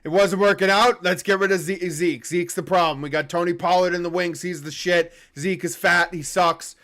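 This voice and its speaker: A man's voice: high-pitched, steady tone, moderate pace, fairly bright tone. A young man hosting a casual sports chat, profane and heated, ranting in bursts. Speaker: podcast host.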